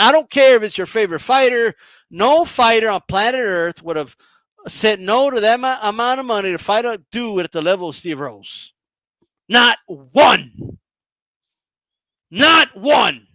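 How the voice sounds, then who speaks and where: A man hosting a live stream, ranting bluntly and sarcastically, swearing and rising to shouts. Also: extremely high pitch, no echo. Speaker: boxing commentator and channel host.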